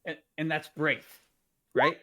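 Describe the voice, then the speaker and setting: A man playing a tabletop game, explaining in a rambling, excitable way. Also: fairly high pitch, slow pace. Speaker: player. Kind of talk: casual chat.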